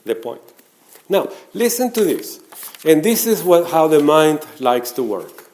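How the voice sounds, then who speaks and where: Animated man lecturing with an accent. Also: a little high, a little slow. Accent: non-native English accent. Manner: animated, emphatic, with repeated questions to the audience; swings between loud stresses and soft asides. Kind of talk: conference lecture.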